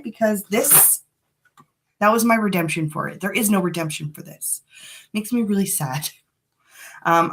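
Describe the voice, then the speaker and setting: A woman's voice: medium pitch, slight background noise. A woman chatting frankly and a little dramatically through a live makeup tutorial from her home. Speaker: beauty vlogger. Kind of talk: casual live makeup chat. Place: home room.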